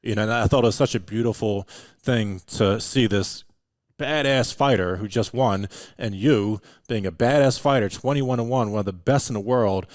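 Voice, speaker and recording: A man talking in a relaxed, casual way as a podcast guest, filling his speech with "like" and "you know". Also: lowish voice, moderate pace, no echo. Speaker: podcast guest, meditation and breathwork practitioner. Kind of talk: casual chat.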